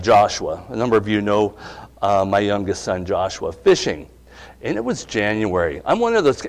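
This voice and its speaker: Middle-aged guy pastor giving a sermon, average pitch, talks with the crowd, lots of hall reverb. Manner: conversational, asks the congregation questions.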